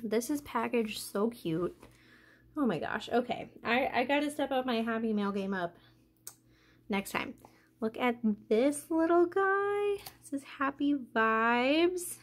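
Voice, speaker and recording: A young woman chatting casually as she unboxes a craft package, gushing and excited, gasping often. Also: fairly high pitch, unhurried. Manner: gushing, excited, many gasps and "oh my gosh". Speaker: craft vlogger.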